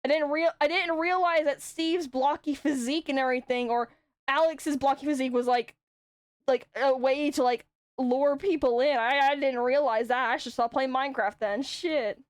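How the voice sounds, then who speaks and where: A woman's voice: sits high, steady tone, normal speed, no room sound. A young adult woman streaming, chatting casually and telling rambling stories with frequent swearing. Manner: swears often, rambling storytelling. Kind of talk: casual chat.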